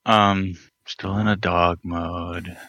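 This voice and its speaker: A man playing a tabletop game, wry and joking and quick to swear. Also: low-pitched, level tone, bright, forceful tone, lo-fi sound. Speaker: player. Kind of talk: casual tabletop play.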